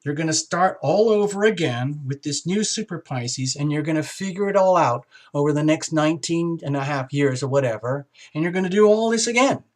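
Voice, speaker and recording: A man giving a casual, rambling tarot reading, animated and exclamatory as he talks to his viewers. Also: fairly high pitch. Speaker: tarot reader.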